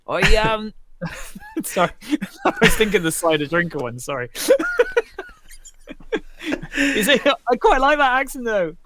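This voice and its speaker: A man's voice: sits high, big pitch swings, measured pace, long pauses, bright, forceful tone, a little hiss or hum. A man from Britain, a musician co-hosting a casual online chat over a video call, rambling a little and laughing often. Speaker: musician guest and co-host.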